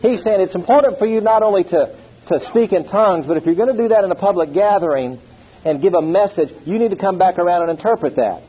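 On a dull lo-fi recording, a middle-aged man with a high-pitched, fast, slightly rough voice preaches. He tells stories animatedly, acts out quotes and calls for the congregation's response.

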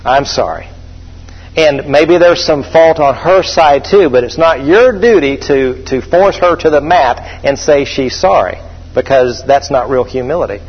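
A husky middle-aged man preaches to his congregation, driving his points home and calling for the crowd to answer back. His voice rings through a church hall with long reverb, captured on a dull, muffled recording. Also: on the high side, measured pace. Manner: preachy, emphatic, calls out to the congregation. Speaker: pastor. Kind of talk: sermon.

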